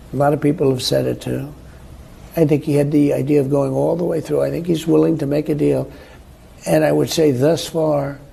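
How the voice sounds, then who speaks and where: A man speaks in short, halting press remarks. His voice is deeply gravelly and husky, with a dark tone. It comes from a clip played during a show.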